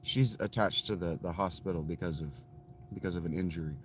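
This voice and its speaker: A man's voice: low-pitched, fairly quick, background noise. Blunt, profane man in his late thirties. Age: late 30s. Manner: blunt, profane, laughs at his own stories. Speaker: vlogger. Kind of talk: casual storytelling.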